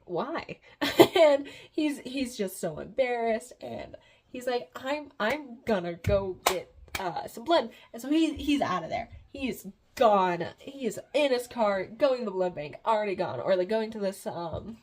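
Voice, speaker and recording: A woman's voice: on the high side, lively intonation, a little slow, darkish tone. A woman recapping a book in a casual, rambling way, with many fillers and giggles. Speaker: book reviewer.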